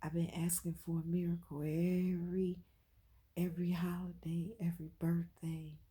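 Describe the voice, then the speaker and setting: In this emotional vlog, a woman speaks heartfeltly in a low, husky voice with a level tone and moderate pace. She repeats phrases and moves between soft moments and loud, emphatic ones.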